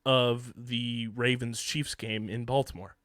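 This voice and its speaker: A man co-hosting a casual sports and music podcast, reeling off facts in a steady list. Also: mid-range voice, a little slow, a little hiss or hum. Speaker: podcast co-host.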